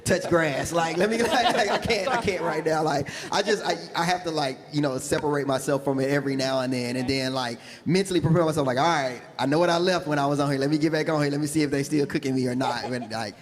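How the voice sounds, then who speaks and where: A male cosplayer on a live panel, chatty and quick, often laughing. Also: fairly high pitch, a crowd in the background. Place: large event hall. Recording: hall reverb.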